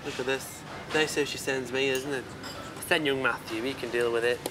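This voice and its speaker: A man's voice: mid-range voice, fairly even intonation, normal speed, music in the background, close to an everyday voice. An actor playing a wry, joking man from Northern Ireland with a Northern Irish accent in a TV comedy. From Coleraine, Northern Ireland.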